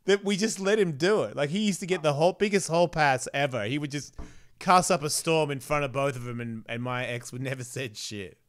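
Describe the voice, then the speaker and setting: Man, podcast host, crude animated storytelling, high voice, smooth clear tone. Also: brisk. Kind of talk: casual chat.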